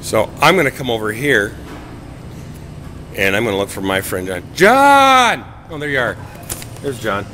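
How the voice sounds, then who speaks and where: A man's voice: fairly low pitch, normal speed, long pauses, pushed and bright. Middle-aged man joking behind a camera. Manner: playful, mock-formal narration. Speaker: vlogger filming friends. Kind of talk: casual joking vlog commentary. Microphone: handheld camera. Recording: noisy handheld camera audio.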